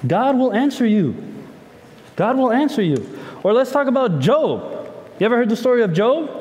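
A man's voice: very high-pitched, sing-song, normal speed, darkish tone, long reverb tail, slight background noise. A male pastor giving a sermon, talking conversationally and asking the listeners lots of rhetorical questions.

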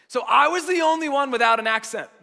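American male pastor, bright tense voice, chatty repetitive sermon delivery. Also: very high-pitched, quick pace, gravelly, big-room sound. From United States. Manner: conversational, repeats phrases for emphasis.

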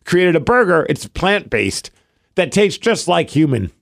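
A man's voice: on the high side, sing-song, unhurried, gravelly, no room sound, clean studio sound. A man in his forties co-hosting a podcast, bantering and teasing in casual chat. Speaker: podcast co-host.

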